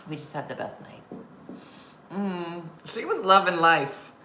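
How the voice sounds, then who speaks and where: A woman's voice: on the low side, expressive, a little slow. A woman comedian hosting a casual live-stream chat, telling stories and reading viewer comments aloud. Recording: roomy sound with faint background noise.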